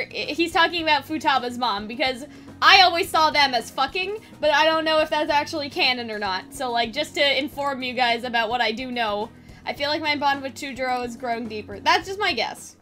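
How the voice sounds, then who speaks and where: Young woman streamer, bright high voice, chatty and foul-mouthed, game music faint underneath. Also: moderate pace. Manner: chatty, swears freely, laughs often. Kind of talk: casual let's-play commentary.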